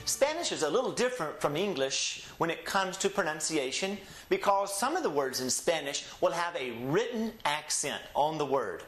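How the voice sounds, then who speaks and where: Male Spanish teacher, slightly high voice, slow drilled examples, echoey room. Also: very animated, a bit bright, faint music behind. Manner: slow, drawn-out model pronunciations for students to repeat. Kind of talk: language lesson.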